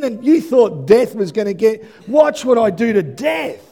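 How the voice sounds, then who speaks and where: Aussie pastor guy, really high voice, preaching loud and lively, shouts at the big bits. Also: vocal fry. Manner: animated preaching, shouting at peaks, quick asides. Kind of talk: sermon.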